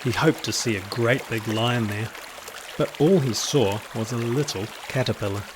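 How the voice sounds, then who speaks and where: A man reading a children's picture book aloud in an expressive, theatrical way. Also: medium pitch, normal speed, noisy background. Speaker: storyteller.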